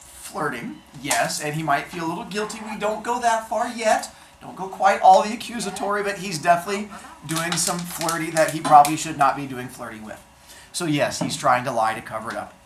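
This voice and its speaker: Male teacher reading aloud, animated, playful asides, lively swooping voice, echoey classroom, faint hiss. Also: a little high, moderate pace.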